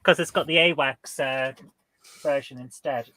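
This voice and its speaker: A man's voice: mid-range voice, steady tone, a little slow, a crowd in the background. A man on a quiz panel, rambling and cracking jokes between guesses. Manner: jokey, rambling with fillers. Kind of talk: casual quiz chat.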